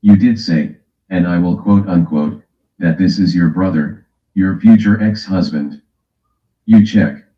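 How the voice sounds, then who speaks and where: A man's voice: sits low, measured pace, roomy sound, muffled recording. A man hosting a livestream in casual chat, brash and teasing as he calls out people in his chat. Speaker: livestream host.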